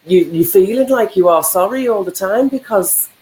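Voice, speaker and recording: Woman, co-host, medium pitch, thoughtful, explains with examples. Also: normal speed, warm tone, low-quality recording. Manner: reflective, explains ideas through examples. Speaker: co-host, life coach. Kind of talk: casual live chat.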